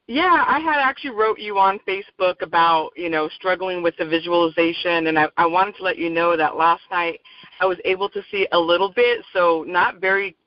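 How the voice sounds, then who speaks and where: A woman's voice: on the low side, a little fast, no room sound. A woman from Florida calls in to a radio show and asks her question in a chatty, slightly hesitant way. Her voice comes over a dry, dull line with no room sound. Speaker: caller.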